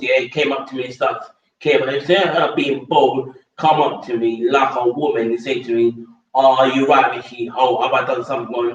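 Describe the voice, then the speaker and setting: Rambling man in roomy room. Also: medium pitch. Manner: rambling and repetitive, crude slang, many stammered restarts. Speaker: vlogger. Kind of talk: casual rant to camera. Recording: roomy, distant and dull.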